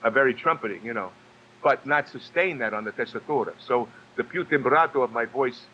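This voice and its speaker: A man from New York speaks at an ordinary pitch, telling stories haltingly and circling back with fillers and repeated words. His voice comes through slightly dull remote audio with a faint hum behind it. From New York, USA. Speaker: guest, actor and singer. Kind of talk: casual storytelling interview.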